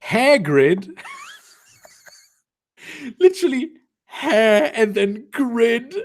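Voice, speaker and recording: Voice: mid-range voice, sing-song, extremely slow. A comedic reader doing a dramatic reading with sarcastic, exasperated commentary, swearing often.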